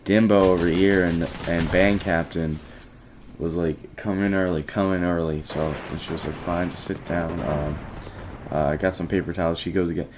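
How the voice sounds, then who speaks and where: A man's voice: low-pitched, fairly even intonation, normal speed, background noise. A teenage boy casually telling a rambling story about his day, often quoting himself and restarting his sentences. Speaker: vlogger.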